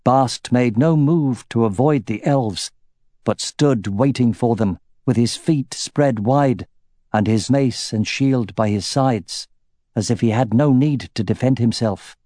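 Narrating a fantasy audiobook, this man keeps a calm, even storytelling pace at a medium pitch. There's no room sound, just a clean studio capture.

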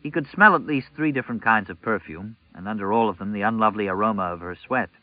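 A man narrating a novel as an audiobook, in a measured, even storytelling manner. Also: fairly low pitch, no echo, narrow, tinny audio.

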